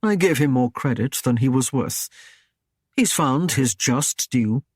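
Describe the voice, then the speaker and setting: A man reading an audiobook, voicing a stern and proud Norman knight who speaks in a gruff, commanding way. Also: medium pitch, lively intonation, unhurried, no echo, studio quality. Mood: gruff annoyed. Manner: gruff, commanding, dryly mocking.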